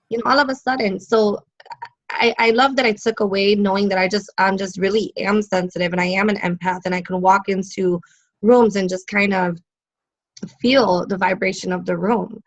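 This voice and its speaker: A woman's voice: medium pitch, normal speed. Woman, psychic medium guest, casual chat, laughs a lot, dull lo-fi sound. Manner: laughs often, animated storytelling.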